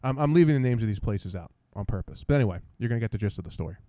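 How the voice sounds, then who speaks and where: A man hosts a podcast alone, telling a story in a combative, animated way. His pitch swings widely from line to line. He is recorded close and dry, with no room sound. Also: rapid-fire, no room sound. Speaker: podcast host. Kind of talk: storytelling monologue.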